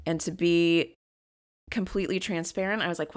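A woman podcast host telling a candid personal story, confessional and getting animated when she retells heated moments. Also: on the low side, normal speed.

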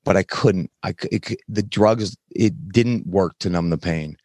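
Low-voiced man, frank and dry. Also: a little mellow, dry recording. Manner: frank, plain-spoken, occasional swearing; halting, many fillers and restarts while recounting. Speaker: podcast guest. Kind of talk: candid interview storytelling.

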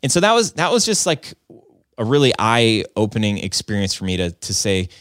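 A man's voice: fairly low pitch, big pitch swings, moderate pace, a bit bright, no room sound, studio quality. A man who runs a video business, telling his story in an earnest, rambling way, full of "like" and "um". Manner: rambling, filler-heavy with frequent "like" and "um"; earnest and self-reflective. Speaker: video business owner and podcaster. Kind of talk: casual conversational storytelling.

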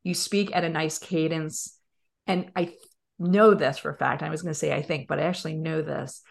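A woman's voice: deep voice, steady tone, fairly quick, vocal fry. A woman with a Long Island New York accent, hosting a podcast interview and asking the guest questions in a conversational way. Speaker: podcast host.

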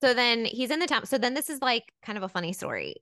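Chatty woman with a bright voice. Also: on the high side, big pitch swings, fast, no room sound, studio quality. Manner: chatty, thinks aloud with many fillers. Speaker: podcast co-host. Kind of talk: casual Bible study discussion.

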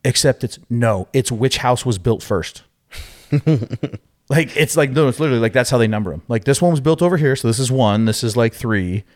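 A man's voice: medium pitch, fairly quick. A man talking as a podcast guest, telling stories casually with many restarts and acted-out quotes. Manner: animated, acts out quotes, rambling with restarts. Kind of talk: casual storytelling.

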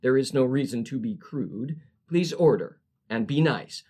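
A man's voice: medium pitch, lively intonation, unhurried, dark tone, slightly rough. A man putting on a prim young drive-thru girl. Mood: prim, icy. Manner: recited in rhyming verse. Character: sweet-voiced young female drive-thru clerk, turning icy.

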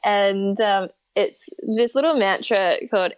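Australian woman, lowish voice, enthusiastic, dry close sound. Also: fairly even intonation, moderate pace, no room sound. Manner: upbeat, enthusiastic, laughs easily. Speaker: guest. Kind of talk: casual interview chat.

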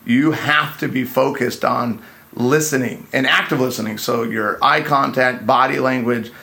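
A man's voice: mid-range voice, steady tone, moderate pace, gravelly, pushed and bright. A man hosting a casual podcast for couples with an easygoing, playful manner. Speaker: podcast host, couples counselor.

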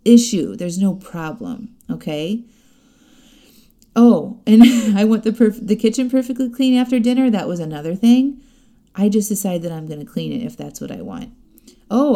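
Chatty woman coach, mellow voice. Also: mid-range voice. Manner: chatty, laughs often, direct address to listeners. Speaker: life coach. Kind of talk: podcast-style coaching talk.

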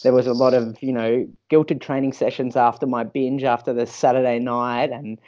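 Man, podcast guest, earnest, mellow dark voice, stumbles and repeats words, slightly muffled audio. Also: mid-range voice, fairly even intonation, moderate pace. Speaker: podcast guest, fitness professional. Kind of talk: candid conversational storytelling.

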